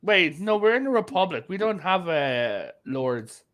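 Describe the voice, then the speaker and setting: A man's voice: high voice, a little slow. A man from Europe in a casual chat, telling funny stories and acting out the quotes, laughing often. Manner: animated storyteller, acts out quotes, laughs often.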